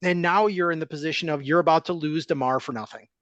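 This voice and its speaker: A man's voice: fairly high pitch, fast, a bit bright, no room sound, lo-fi sound. Man ranting on a dry-sounding podcast. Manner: ranting, piles up complaints. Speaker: sports podcast host. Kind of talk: casual sports talk.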